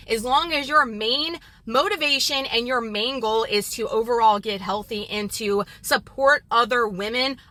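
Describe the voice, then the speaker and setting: A woman's voice: fairly high pitch, sharp tone. A woman vlogging casually to camera about fitness and food, chatty and upbeat, often dropping "like" and "y'all". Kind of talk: casual vlog talking to camera.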